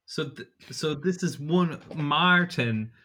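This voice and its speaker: A man's voice: fairly high pitch, slow pace, pushed and bright, husky. A man co-hosting a casual podcast, joking around and asking questions to keep up with the story. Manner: jokey, asks questions to check the story. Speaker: podcast co-host. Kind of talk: casual conversation.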